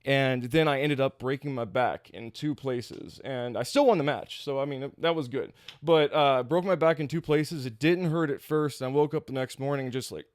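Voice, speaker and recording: A man's voice: mid-range voice, normal speed, few pauses, no echo, clean studio sound. A young man from Kentucky, a former pro wrestler, telling stories as a guest in a loose, casual chat full of "like" and "uh", often laughing.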